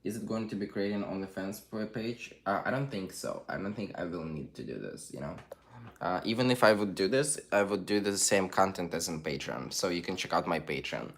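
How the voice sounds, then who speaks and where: A young man hosts a casual livestream, his low, creaky voice moving fairly quickly with lively intonation. He has a Ukrainian accent, chats away, reads viewer comments aloud and speaks with non-native phrasing.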